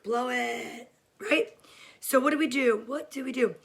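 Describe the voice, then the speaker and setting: A woman's voice: sits high, unhurried, vocal fry, husky. A woman hosting a cheerful daily livestream for kids from her home, chatting casually and greeting viewers by name. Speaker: host of a daily kids' livestream. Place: home room during quarantine.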